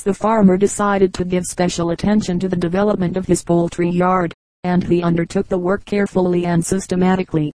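A woman reading aloud a book of short jokes as an audiobook narrator, in a steady, even way. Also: fairly low pitch, brisk, no echo, low-quality recording. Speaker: audiobook reader. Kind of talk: scripted narration of a joke book.

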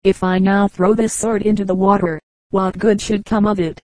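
A loyal knight speaks hesitantly in grief, as a woman reading a storybook gives him voice. The lines are plaintive and archaic, with an even pitch and a mellow tone. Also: normal speed, no echo, lightly acted.

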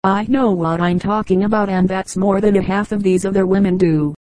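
A woman reading the lines of a blunt, stubborn older riverboat captain with a hoarse, deep voice. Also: steady tone, brisk, mellow, dry recording, natural voice, poor audio. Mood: blunt, firm. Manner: blunt, firm retorts.

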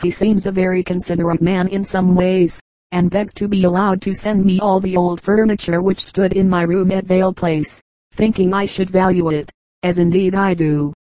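A woman reading the part of a calm middle-aged gentleman father in a storybook, in a measured, explanatory way. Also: lowish voice, no room sound, close to an everyday voice, low-quality recording.

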